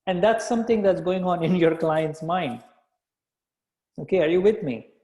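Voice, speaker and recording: A man's voice: high-pitched, moderate pace, warm tone. A man teaching a live sales workshop, repeating key phrases and checking in with listeners with "okay?". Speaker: sales coach. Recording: echoey room sound.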